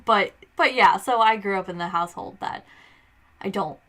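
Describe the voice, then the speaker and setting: A chatty woman co-hosting a casual podcast, talking at a mid pitch. She laughs easily and trips over her words with plenty of fillers and restarts as she talks things through. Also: normal speed, a bit bright. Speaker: podcast co-host. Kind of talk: casual chat.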